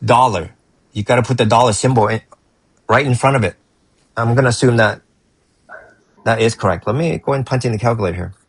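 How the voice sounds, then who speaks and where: A man tutors math, checking a student's answers and praising the work. His voice is husky and sits at an average pitch. He rambles and restarts often, recorded close and dry. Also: brisk, pauses often, no room sound, low-quality recording. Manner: encouraging, rambling with frequent restarts.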